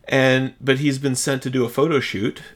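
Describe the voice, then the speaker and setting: A man's voice: mid-range voice, level tone, normal speed. A man co-hosting a casual movie podcast, agreeing readily and adding nitpicks and asides. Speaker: podcast co-host.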